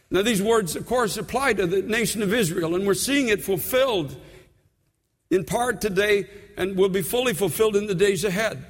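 A man with a high voice preaches a sermon in an earnest tone. He often repeats a word as he goes and slows down to stress a point. His voice rings through a large hall with a long echo.

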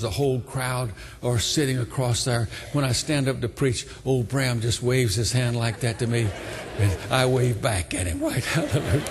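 A man's voice: mid-range voice, breathy edge, in a large hall. A man preaching a testimony sermon, telling his story fervently and breaking in with hallelujahs. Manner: fervent, exclaims hallelujah between lines.

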